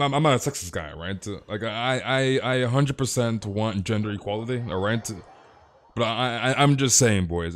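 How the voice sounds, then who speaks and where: A young man streaming a game who chats casually with viewers, rambling, stammering over repeated words and saying "dude" constantly. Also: mid-range voice.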